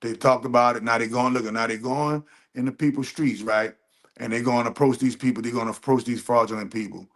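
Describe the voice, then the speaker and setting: Reacting to a video on a casual stream, a man keeps up brisk, swearing, animated commentary and reads out search results as he goes. His voice is medium in pitch, gravelly and edged with vocal fry.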